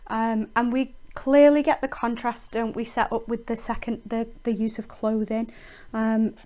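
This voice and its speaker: Woman teacher going through a poem, lots of ums, slightly high voice. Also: darkish tone. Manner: explanatory, frequent ums and restarts. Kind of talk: recorded lesson, annotating a poem.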